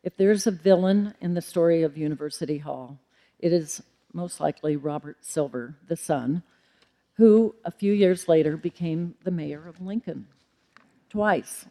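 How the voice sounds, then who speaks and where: A middle-aged woman, a librarian, giving a formal public lecture in a measured way with occasional ums and self-corrections. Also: low-pitched, warm tone.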